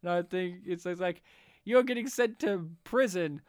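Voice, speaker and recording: Aussie podcast co-host, smooth voice, jokey and crude, dry close mic. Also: male voice, high-pitched, normal speed, no echo. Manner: joking, swears freely, mock voices. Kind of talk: casual banter.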